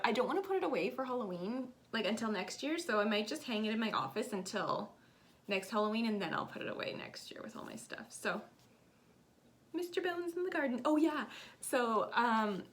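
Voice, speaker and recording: A woman's voice: on the high side, a bit bright. A woman chatting casually to camera about her cross-stitch projects, rambling and self-deprecating. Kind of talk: casual chat.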